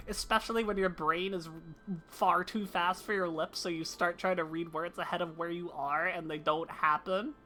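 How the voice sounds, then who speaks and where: A woman's voice: on the low side, fairly even intonation, moderate pace, hardly any pauses, pushed and bright, faint music behind. A woman streamer in casual live-stream chat, playful and self-mocking.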